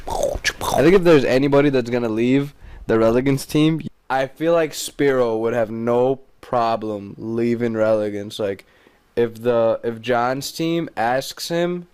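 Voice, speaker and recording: A man's voice: mid-range voice, darkish tone, smooth. A young man co-hosting a podcast, chatting casually, rambling and sarcastic with lots of fillers. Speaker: podcast co-host. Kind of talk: casual chat.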